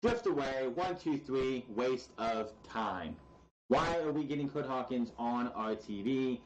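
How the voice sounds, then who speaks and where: A man's voice: medium pitch, lively intonation, measured pace, muffled recording. A man reviewing a wrestling show in casual podcast commentary, blunt and exasperated.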